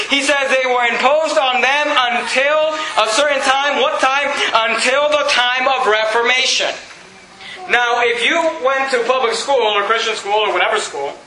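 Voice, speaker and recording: A man preaching a sermon in a church, emphatic and animated, reading verses and breaking off for jokes and asides. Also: very high-pitched. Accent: non-standard accent. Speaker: pastor. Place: church sanctuary. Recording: echoey church room.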